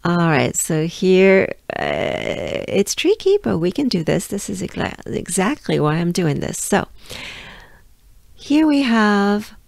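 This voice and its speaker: Slow, gravelly French woman teaching pronunciation. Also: fairly low pitch, wildly swooping pitch, darkish tone, dry recording, studio quality. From France. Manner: slow, patient, repeats sounds many times with fillers. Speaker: pronunciation coach. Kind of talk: pronunciation lesson.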